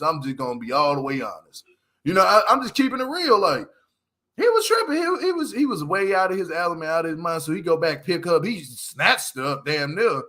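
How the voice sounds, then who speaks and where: A man giving a casual, slangy recap of a reality show, with animated delivery and laughing asides. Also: on the high side.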